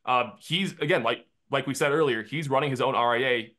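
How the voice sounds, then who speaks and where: A man's voice: medium pitch, a little fast. A man from Minnesota, a social media content creator and podcast guest, speaking confidently and casually. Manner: confident, animated when acting out quotes. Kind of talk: casual interview storytelling.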